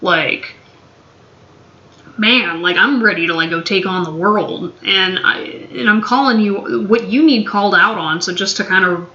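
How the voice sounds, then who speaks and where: A woman's voice: medium pitch, unhurried, bright, forceful tone. A woman giving a casual tarot reading to camera, blunt and swearing freely, with a playful drawl. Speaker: tarot reader. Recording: dull, echoey room recording.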